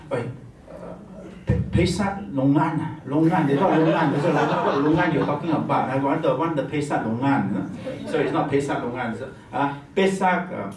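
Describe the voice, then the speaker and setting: A man teaching a wine masterclass, jokey and teacherly, tagging his lines with "huh?". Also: a little high. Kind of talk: live masterclass talk. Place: hotel function room. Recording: echoey room, far from the mic.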